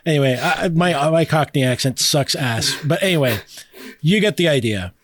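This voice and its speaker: A man's voice: fairly high pitch, animated, moderate pace. A man hosting a podcast in a casual, chatty way, reading passages aloud and laughing easily with plenty of fillers and restarts. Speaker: podcast host.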